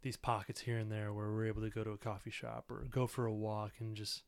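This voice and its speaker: A man's voice: lowish voice, little pitch movement, fast talker, vocal fry, dry recording. A man in his thirties hosting a casual podcast with his wife, talking in an earnest, reflective way with many filler words. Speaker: podcast host.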